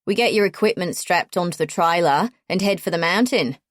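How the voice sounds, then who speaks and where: A woman's voice: on the low side, a little fast, no room sound, studio quality, natural voice. A woman voicing a brash young Australian man, a guide with a cocky, breezy, overconfident manner, in an audiobook.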